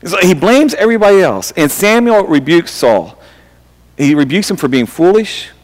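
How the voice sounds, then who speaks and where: A man with a high voice preaching a sermon, his words ringing out in a hall with a long echo. He talks to his congregation like he is having a conversation, stumbling and starting over, and throws in questions for them. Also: expressive, normal speed. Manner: conversational preaching with many restarts and rhetorical questions. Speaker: pastor.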